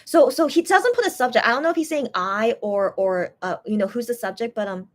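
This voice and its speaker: A young woman chatting casually on a live stream, reading viewer comments and translating messages with frequent pauses and restarts. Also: a little high, expressive. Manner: hesitant, many restarts while translating.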